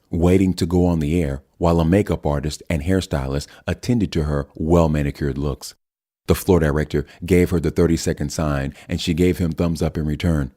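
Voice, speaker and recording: A man reading a novel aloud as narrator, steady and measured. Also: extremely low pitch. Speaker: audiobook narrator. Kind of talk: scripted audiobook narration.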